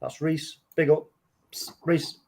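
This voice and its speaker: A man's voice: fairly high pitch, level tone, slow pace, vocal fry, a little mellow. A man co-hosting a casual chat, laughing often and joking in slang. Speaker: co-host.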